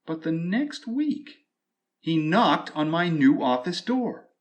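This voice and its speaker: Slow, expressive male storyteller. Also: a little high. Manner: expressive, rhyming, drawn-out delivery. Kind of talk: storybook read-aloud.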